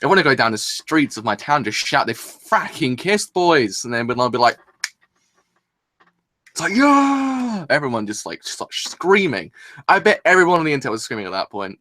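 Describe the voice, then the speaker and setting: A young man gushes through his reaction, sighing and exclaiming with rambling restarts. His pitch leaps around animatedly and his tone is bright. The mic is close and dry. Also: lively intonation, quick pace, no room sound. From England. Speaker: anime reaction host. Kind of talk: excited solo reaction video.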